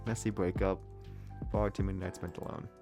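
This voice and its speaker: A man's voice: low voice, little pitch movement, fairly quick, mellow, faint music behind. A young man reading a dating game's story aloud with jokes, casual swearing and self-deprecating asides.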